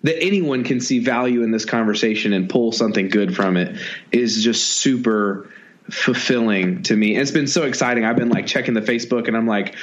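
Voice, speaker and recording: A man's voice: medium pitch, brisk, dull audio. A man co-hosting a podcast in casual chat, enthusiastic and rambling, with a self-deprecating streak. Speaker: podcast co-host.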